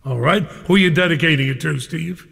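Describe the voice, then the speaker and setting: A man's voice: fairly high pitch, brisk, creaky, fairly bright tone, slightly rough, long reverb tail. An older man hosting a live radio music show, calling listeners "cousin" with playful, chummy banter and taking phone requests. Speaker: radio disc jockey.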